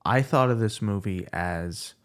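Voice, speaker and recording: A man's voice: lowish voice, unhurried, smooth. A man who hosts his own podcast, a guest here, chatting casually and telling stories with easy laughter. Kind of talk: casual chat.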